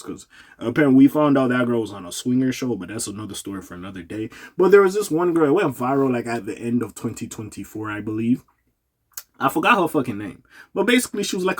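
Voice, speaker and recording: Male commentator, casual and profane, slangy with lots of asides, lively pitch.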